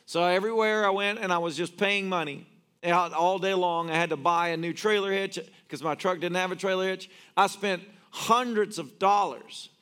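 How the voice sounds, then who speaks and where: A man's voice: high-pitched, normal speed, fairly bright tone, clean tone. A man preaching a sermon as a pastor, telling stories and cracking jokes. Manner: joking storyteller. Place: church.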